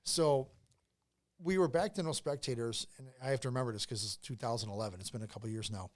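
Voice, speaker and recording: A man's voice: medium pitch, fast talker. A man as a podcast guest, telling a long casual story with lots of fillers, restarts and swearing.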